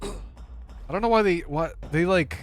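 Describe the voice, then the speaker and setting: Music plays in the background as a man with a high voice streams a game, speaking a little slowly. He offers casual, sarcastic commentary to himself and his viewers, laughing and swearing often.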